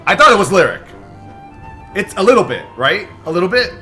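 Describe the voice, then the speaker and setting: A young man hosting a live stream, stressed and excitable, swearing and thanking subscribers in quick bursts. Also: sits high, soft background music. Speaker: livestream host. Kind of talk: live reaction stream chatter.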